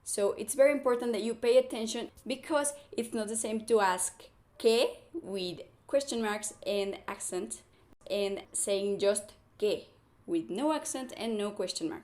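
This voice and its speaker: A woman teaching a language lesson, speaking slowly and deliberately as she walks through example questions and answers. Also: fairly high pitch, darkish tone. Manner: slow, deliberate, spelling out examples. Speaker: Spanish teacher.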